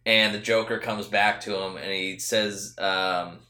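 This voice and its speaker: A man's voice: on the low side, fairly even intonation, measured pace, bright, forceful tone, echoey room. A man co-hosting a podcast, chatting casually and rambling through movie scenes with restarts and swearing. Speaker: podcast co-host. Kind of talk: casual chat.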